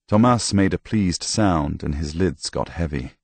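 Deep gravelly male narrator. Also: no room sound. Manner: measured, grave. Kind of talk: scripted audiobook narration.

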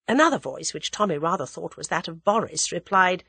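A woman's voice: fairly low pitch, animated, fairly quick, gravelly, few pauses, pushed and bright, slightly rough. Woman narrating a mystery audiobook. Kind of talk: scripted narration.

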